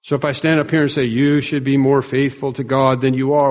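A man preaching a sermon in an earnest, measured way, quoting speakers in small acted-out voices. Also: medium pitch, flat delivery, darkish tone. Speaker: pastor. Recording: long reverb of a large hall.

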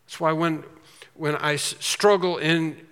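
A man preaches a sermon with a bright, forceful tone and a slightly higher voice than most men. He moves between quiet, close remarks and loud, stretched-out declarations. His voice rings with the long reverb of a large hall. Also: steady tone, clear, resonant tone. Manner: emphatic preaching, swings from quiet to loud and drawn-out. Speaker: pastor.

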